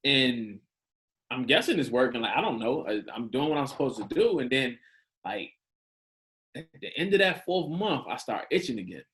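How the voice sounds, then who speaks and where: A man's voice: mid-range voice, normal speed. A man in his thirties, a podcast guest, telling his story candidly in casual slang and acting out the dialogue. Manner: animated, acts out quoted dialogue, casual slang.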